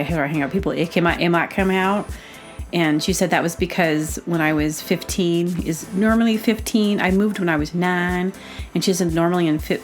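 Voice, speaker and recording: A woman from Arkansas hosting a podcast, talking in a chatty, rambling way with frequent laughs. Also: on the low side. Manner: chatty, digressive, laughs often. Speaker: podcast host; baker. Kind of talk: casual rambling monologue.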